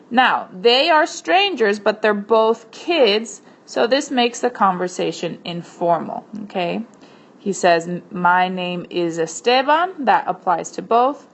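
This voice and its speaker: A woman teacher talks through a screencast lesson at her own easy pitch, explaining the material step by step. She slows down to say each example word carefully, then picks the pace back up for the explanations. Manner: slow, careful enunciation of example words. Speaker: Spanish teacher. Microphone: computer mic while drawing on a tablet.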